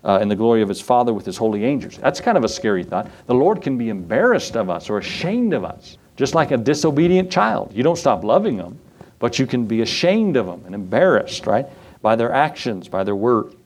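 A man's voice: medium pitch, very animated, brisk, a little mellow. Folksy man teaching from the Bible. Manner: folksy, asks the congregation questions, reads scripture aloud. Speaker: pastor teaching a Bible study.

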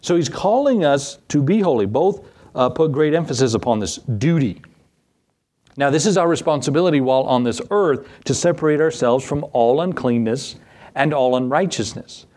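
A man's voice: on the high side, lively intonation, normal speed, a little mellow. A man pastor giving conversational Bible teaching in a folksy way, often asking his listeners rhetorical questions.

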